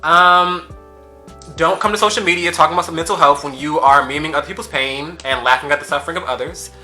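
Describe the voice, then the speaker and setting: Sharp-voiced sassy male commentator. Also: a little high, fast, soft background music. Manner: emphatic, sassy, repeats rhetorical questions. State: mouth swollen after wisdom teeth removal. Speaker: YouTube commentator. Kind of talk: ranting social media commentary.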